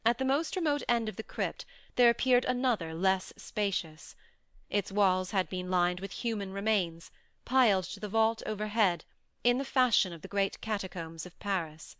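Woman, audiobook narrator, measured storytelling, smooth voice, dry close recording. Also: medium pitch, fairly bright tone, dry recording. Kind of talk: scripted narration.

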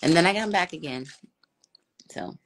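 A woman chatting casually on a live stream, answering viewers and mixing in halting French and Spanish. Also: on the low side, expressive. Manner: chatty, switches between English, French and Spanish.

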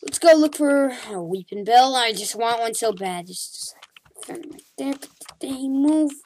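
A woman giving casual, excitable commentary while playing a game, chattering at the creatures on screen and calling out to them. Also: on the high side, normal speed, a little hiss or hum. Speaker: gaming channel host.

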